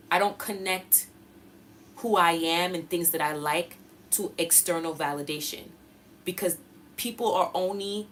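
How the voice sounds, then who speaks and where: A woman's voice: lowish voice, fairly bright tone, slight background noise. A young woman talking casually and slangily to her followers, giving motivational self-help advice. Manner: casual, slangy, addresses viewers as y'all.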